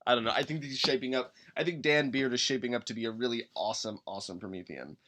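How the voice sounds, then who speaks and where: A man's voice: medium pitch, fast, pushed and bright, slight background noise. Rambling, upbeat man hosting a stream. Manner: rambling, upbeat, hums while searching rules; reads rules text aloud between asides. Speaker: podcast host building a game character. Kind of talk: casual live-stream chat.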